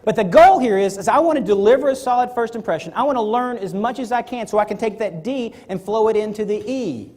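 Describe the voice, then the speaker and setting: A motivational speaker with a high voice talks at a quick pace, barely pausing, as he addresses a live audience on stage. He keeps things animated by acting out little scenes.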